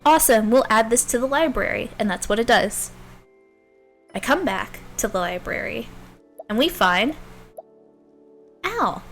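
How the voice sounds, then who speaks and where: A woman streamer casually recapping a video game, animated and freely swearing, telling it like a story. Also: on the high side.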